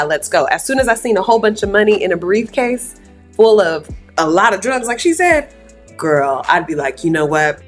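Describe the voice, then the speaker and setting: A woman reacting to a storytime clip, joking and talking straight to her viewers. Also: medium pitch. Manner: playful, talks straight to viewers. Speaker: reaction host.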